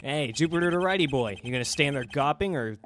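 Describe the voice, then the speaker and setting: A man's voice: fairly high pitch, lively intonation, quick pace, a bit bright, slight background noise, voice pushed up. Man doing an unhinged mocking villain. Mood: manic, mocking. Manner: theatrical, gleeful, erratic. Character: unhinged male prisoner villain, rambling and mocking. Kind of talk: let's play voice acting. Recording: game music behind voice. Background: game music.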